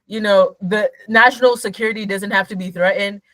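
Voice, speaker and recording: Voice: medium pitch, fairly even intonation, fairly quick, pushed and bright, dry recording, rough recording. Slangy joking podcast co-host. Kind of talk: casual chat.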